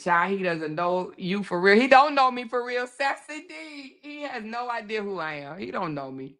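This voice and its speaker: A woman hosting a casual livestream, reading chat comments aloud and reacting with frequent laughter and animated, slangy talk. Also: mid-range voice, normal speed, few pauses. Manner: animated, laughs often, African American Vernacular English.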